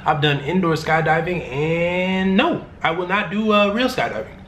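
A man's voice: a little high, expressive, normal speed, a bit bright, slight background noise. A young man answering fan questions in a casual vlog, joking and rambling in loose, slangy talk. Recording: roomy room with faint ambience.

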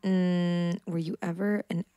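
A woman's voice: lowish voice, little pitch movement, takes it slowly, dark tone, clean tone, no echo, muffled recording. A woman co-hosting a podcast in casual chat, playful and teasing, with lots of fillers. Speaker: podcast co-host.

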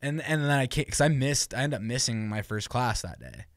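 A man's voice: medium pitch, fairly quick, dry recording, clean studio sound. Laughing young man telling stories. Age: 20s. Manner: animated storytelling with laughs and acted-out quotes. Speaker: podcast host. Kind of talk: casual chat.

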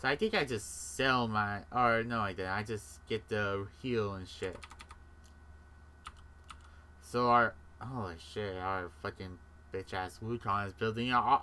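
Bright-voiced young man rambling over gameplay. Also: mid-range voice. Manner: rambling, jokey, swears freely, quotes himself in-game. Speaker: gaming commentator. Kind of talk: casual gameplay commentary.

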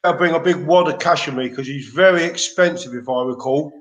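An English man telling lively, slang-filled anecdotes as an interview guest, laughing as he goes. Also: fairly high pitch, a little fast, echoey room. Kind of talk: casual storytelling.

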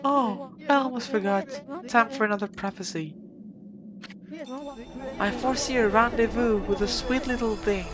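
A teasing, self-assured male seer with a put-on French accent, performed by a woman. He talks smugly and flirts, and game music plays clearly under his voice. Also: on the high side, moderate pace, lightly acted. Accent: mock French. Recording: game music playing behind.

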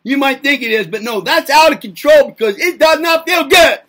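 A man with a very high, sharply bright voice talks through a loose self-help lecture. He rambles, keeps firing rhetorical questions at the listener and swears casually along the way. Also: expressive, normal speed. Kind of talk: informal lecturing monologue.

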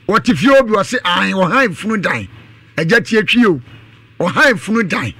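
A Ghanaian man co-hosting a live radio talk show, speaking in an animated way and repeating phrases for emphasis. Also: high-pitched, moderate pace, breathy edge, no room sound. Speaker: radio co-host. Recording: dry radio studio.

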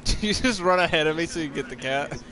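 A man's voice: on the high side, fast talker, background noise. A young man playing a streamed game with friends, wisecracking in laid-back casual banter.

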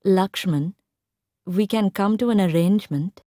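A woman putting on a calm, cool stepmother. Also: mid-range voice, no room sound, clean studio sound, lightly acted. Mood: gentle. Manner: cool, measured, quietly firm. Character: calm, composed stepmother, tall adult woman.

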